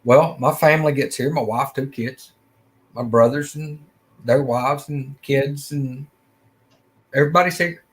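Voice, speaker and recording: A man's voice: mid-range voice, unhurried. A middle-aged man telling a personal story in a folksy, rambling way, acting out quoted lines. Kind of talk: casual first-person storytelling.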